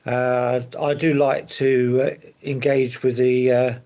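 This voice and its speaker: A man's voice: mid-range voice, level tone, slow pace, a little mellow, clear, resonant tone. A man chatting casually on a live stream, answering viewers in an easygoing, rambling way. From London. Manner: easygoing, rambling, fillers and hedges like to be honest.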